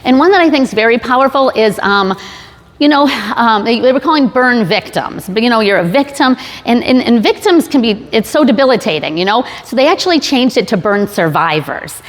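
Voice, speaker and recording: A woman speaks to a live audience in a big hall, and the long reverb trails behind each phrase. Her voice sits a little high, and her delivery is loose and chatty. She is full of ums, restarts and joking asides. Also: expressive, fairly quick. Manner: chatty, many fillers and restarts, jokey asides. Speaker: sales trainer giving a talk. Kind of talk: casual live talk to an audience.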